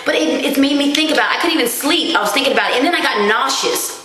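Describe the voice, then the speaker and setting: A woman vlogging at home, chatting to camera in an animated, self-mocking way. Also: high voice, fast, a little hiss or hum. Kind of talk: casual chat to camera. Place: small dim room at home. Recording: very echoey room.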